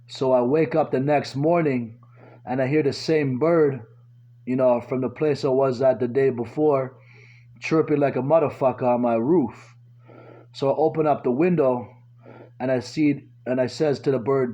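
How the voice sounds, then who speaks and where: A man's voice: mid-range voice, steady tone, normal speed, dark tone. A man doing stand-up, telling crude, slangy joke stories and acting out each quote himself. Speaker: stand-up comedian. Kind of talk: stand-up jokes told as short stories.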